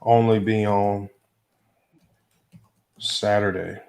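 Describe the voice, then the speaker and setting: Relaxed slangy man hosting a debate stream. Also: lowish voice, drawn-out words, gravelly. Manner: relaxed, slangy, thinks aloud. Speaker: debate show host. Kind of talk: casual livestream chat, reading out a list.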